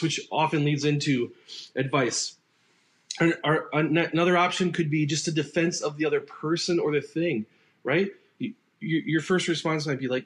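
Man preaching a relaxed, unscripted sermon. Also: on the high side, normal speed. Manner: relaxed and unscripted, acting out sample replies in quoted voices. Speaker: pastor. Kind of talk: conversational sermon.

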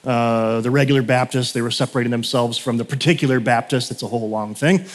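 A man's voice: mid-range voice, steady tone, fast talker. A man preaching a casual sermon, a chatty storyteller who often interrupts himself, in a church sanctuary. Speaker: pastor. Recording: long hall reverb.

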